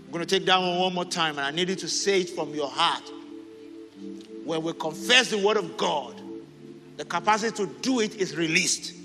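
A man pastor leading prayer and having the congregation repeat declarations after him, rising to fervent shouts. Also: high-pitched, moderate pace. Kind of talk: sermon and prayer. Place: large church hall. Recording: echoing hall with music.

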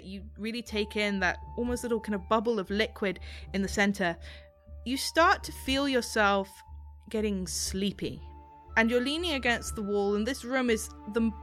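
A woman running a tabletop role-play as game master, narrating scenes in a slow, soothing, descriptive way. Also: a little high, fairly bright tone.

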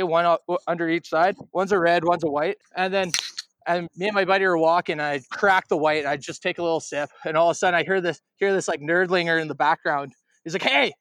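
A man's voice: fairly high pitch, a bit bright, no echo. A young Canadian man co-hosting a casual podcast, telling rambling stories full of restarts and swearing. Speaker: podcast co-host. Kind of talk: casual chat.

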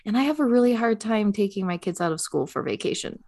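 A middle-aged American woman chatting casually, thinking out loud. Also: medium pitch, lively intonation, fast, no room sound. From United States. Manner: reflective, talks through her thoughts. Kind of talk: casual chat.

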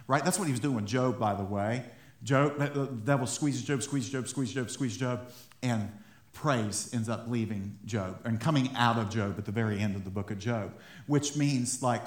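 Fired-up man preaching in an echoey room. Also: mid-range voice. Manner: conversational, quotes people and the devil in asides, builds to fired-up emphasis. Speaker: pastor. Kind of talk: sermon.

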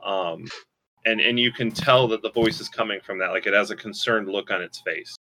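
A man's voice: lowish voice, moderate pace, sharp tone, slight background noise. A man narrating as game master in a casual, rambling way full of fillers.

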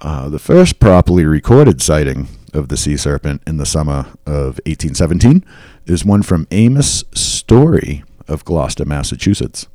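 Low, mellow male podcast host. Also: sing-song, moderate pace, no room sound, clean studio sound. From New England. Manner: reads accounts aloud with asides and fillers. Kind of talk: casual storytelling from notes.

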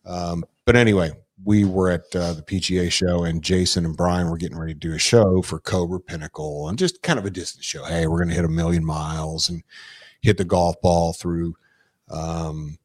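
A man with a fairly low voice tells a loose, rambling story in casual conversation. He swears freely and keeps circling back with fillers and restarts. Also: steady tone, normal speed. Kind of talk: casual chat.

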